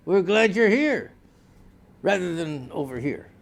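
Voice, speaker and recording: A man hosting a spoof news show in a rambling comic monologue, with sudden jumps in pitch and loudness like a mock pitchman. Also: lively intonation, normal speed, vocal fry.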